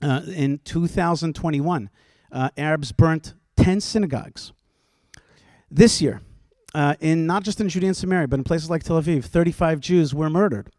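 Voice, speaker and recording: A man speaking on a panel with a fairly high voice that rises as he presses his point. He is forceful and fires off rhetorical questions, often pausing on "uh". The sound is dry and close. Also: no echo. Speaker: panelist, rabbi. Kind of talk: impassioned panel argument. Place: stage before a live audience.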